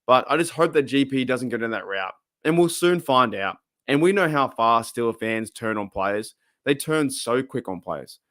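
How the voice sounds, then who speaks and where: A man's voice: mid-range voice, animated, normal speed, few pauses, a bit bright, no echo, clean studio sound. A man with an Australian accent hosting a casual live stream, rambling and chatty, reading out chat and laughing often.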